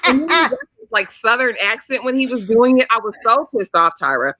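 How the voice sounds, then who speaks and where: A woman's voice: a little high, expressive, fairly quick, bright, forceful tone, no echo. A woman co-hosting a reality TV review show in casual chat, blunt and scornful as she mocks the cast.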